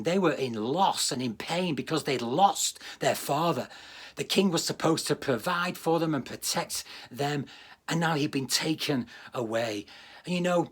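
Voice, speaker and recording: A man's voice: on the high side, breathy edge. A man preaching a livestreamed sermon, earnest and direct, often repeating words for emphasis. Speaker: pastor.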